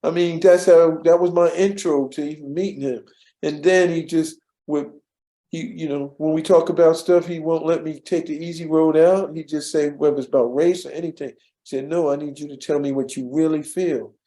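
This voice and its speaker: An older man recounts his years at a studio in a loose, conversational way, circling back with restarts and fillers. His voice sits a little high for a man but sounds warm and mellow. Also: normal speed, reverberant. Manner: relaxed, rambling with many restarts and fillers. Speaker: interview guest, former studio assistant. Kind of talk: storytelling in a casual interview.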